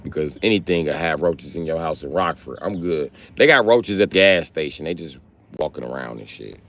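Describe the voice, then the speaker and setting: A man livestreaming from his truck, telling a profane, animated story and jumping into high voices to quote people. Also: a little fast, a little hiss or hum. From Illinois. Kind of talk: casual storytelling rant.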